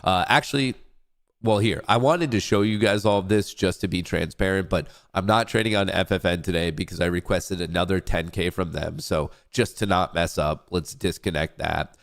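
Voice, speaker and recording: A man's voice: deep voice, normal speed, creaky. A young man hosting a casual trading livestream, congested and stuffy-nosed, rambling and joking about himself between updates. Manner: rambling, joking, self-hyping. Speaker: livestream trading show host.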